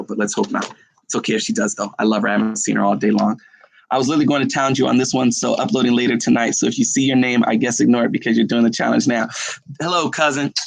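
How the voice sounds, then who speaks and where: A middle-aged man chats on his live stream in a gravelly, creaky voice, pouring out personal memories with open feeling. The sound is dry and close, with no room echo. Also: mid-range voice. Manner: emotional, heartfelt storytelling. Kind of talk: casual live-stream chat.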